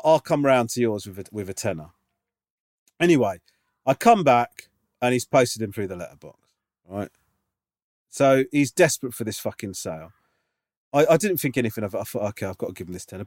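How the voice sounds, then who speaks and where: A man's voice: mid-range voice, very animated, brisk, a little mellow, no echo. Dry-sounding man telling stories. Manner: rambling anecdotal storytelling, swears a lot. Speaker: podcast co-host. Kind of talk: casual podcast chat.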